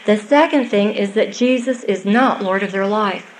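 A woman's voice: medium pitch, normal speed, slight background noise, low-quality recording. An older woman giving a Bible teaching to a live audience, earnest and conversational with small asides.

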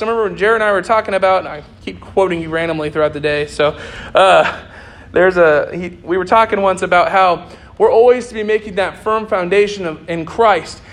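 Young man, high voice, earnest sermon, repeats phrases for emphasis. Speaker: preacher.

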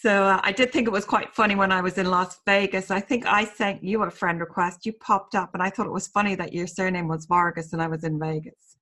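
A woman's voice: mid-range voice, steady tone, fairly quick, fairly bright tone. A woman from Ireland hosts an interview podcast. She keeps a chatty, effusive manner and thanks her guest repeatedly. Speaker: podcast host. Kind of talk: casual interview chat.

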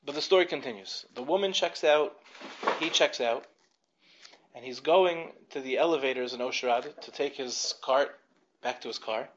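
A man tells a story to a class in a room with a live audience. He talks conversationally, restarts his sentences and leans on fillers, and his voice sits at an ordinary middle pitch. The recording is dull and lo-fi, with faint noise behind him. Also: moderate pace. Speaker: teacher speaking to a class of girls. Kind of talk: storytelling lecture.

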